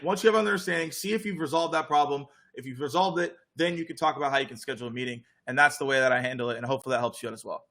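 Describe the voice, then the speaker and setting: Coaching his viewers through sales calls, a young man runs a laid-back live Q&A. His voice is slightly high, and his delivery is lively and blunt.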